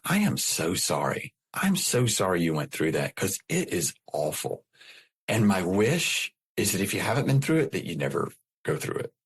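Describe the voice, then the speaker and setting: Middle-aged guy w a deep husky voice, earnest, restarts his sentences a lot, telling his own story on a podcast. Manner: earnest, repeats and restarts phrases. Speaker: podcast guest. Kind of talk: emotional personal storytelling.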